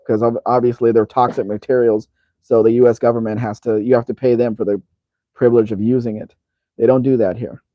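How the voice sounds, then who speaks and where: A man's voice: medium pitch, no room sound, lo-fi sound. A man from California, older, hosting a live Q&A, reading viewer comments and answering in a casual, rambling way with lots of restarts. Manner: casual and rambling, with frequent restarts and repeated words. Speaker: channel host answering viewer questions.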